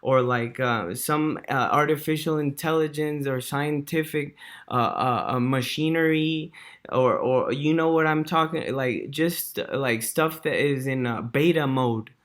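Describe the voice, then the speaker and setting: A vlogger with a slightly high, fairly bright voice rants casually to camera at a measured pace. His talk is slangy and rambling, full of restarts, fillers, swearing, "dude" and "bro," and he chuckles to himself.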